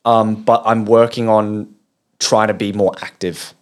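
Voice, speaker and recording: A man with an Australian accent, a guest in a casual conversation, talking hesitantly and repeating words. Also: measured pace. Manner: hesitant, repeats words, lively rises in pitch.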